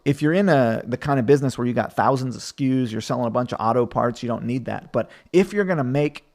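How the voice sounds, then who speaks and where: A man hosting a live stream, answering viewer questions about marketing in a loose, conversational way with plenty of fillers. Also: mid-range voice.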